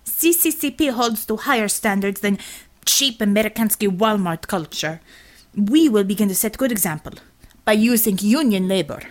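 A woman's voice: medium pitch, animated, moderate pace, close to an everyday voice. A woman voicing a zealous Russian woman commissar who speaks in clipped English without articles, with a Russian accent. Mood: indignant.

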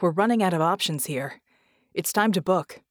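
A woman reading an audiobook voices a male red genie with stretchy arms, speaking low, grim and measured. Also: animated, no echo, clean studio sound, natural voice.

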